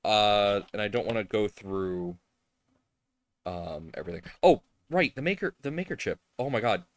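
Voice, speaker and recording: A man's voice: lowish voice, lively intonation, moderate pace, slight background noise. A man hosting a casual live stream from a home workshop, talking in a rambling way with lots of fillers and restarts. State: tearful at times. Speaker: live-stream host building a 3D printer.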